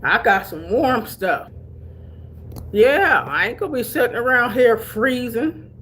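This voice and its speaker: A woman's voice: on the high side, expressive, a little slow, a bit bright, a little hiss or hum. An older woman from Delaware chatting casually to camera as a vlogger. She calls her viewers honey and baby and laughs easily while telling stories. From Delaware, USA.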